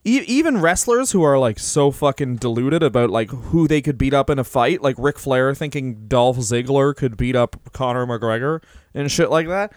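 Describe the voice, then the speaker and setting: A man's voice: mid-range voice, expressive, normal speed, dry recording, studio quality. A man co-hosting a casual comedy podcast, joking and laughing often as he riffs. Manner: joking, laughs often, slips into mocking voices. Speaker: podcast co-host.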